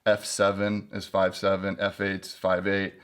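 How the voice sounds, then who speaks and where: A man's voice: low voice, completely flat delivery, measured pace, clean tone. A man hosting a casual book review video, chatting and joking as he flips through an old guidebook.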